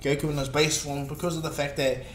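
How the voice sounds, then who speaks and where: A man's voice: a little high, level tone, fast, a bit bright, roomy sound, slight background noise. A man casually narrating a fan-made story in a rambling way, with many fillers and restarts.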